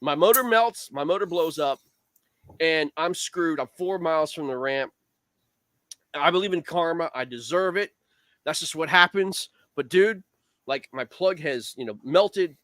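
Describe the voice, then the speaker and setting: Talking at a measured pace in a slightly high voice, this guest angler recounts a long fishing story over a video call. He rambles animatedly, leaning on fillers like "man" and "dude," in a dry recording.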